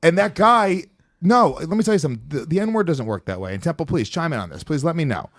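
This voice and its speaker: A man hosting a podcast, swearing freely as he tells animated stories. His voice sits a touch high for a man, and the recording is dry and close, with no room sound. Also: fast talker, no echo. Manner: profane, animated storytelling. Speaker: podcast host. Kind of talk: casual podcast chat.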